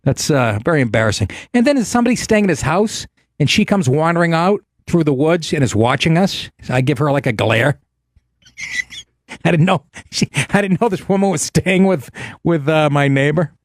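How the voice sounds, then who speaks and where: This talk-show host delivers a casual comedic monologue, telling stories in a sarcastic, profane style and putting on voices when he quotes people. His voice sits a little high and is animated, at a moderate pace, recorded in clean studio sound with no echo.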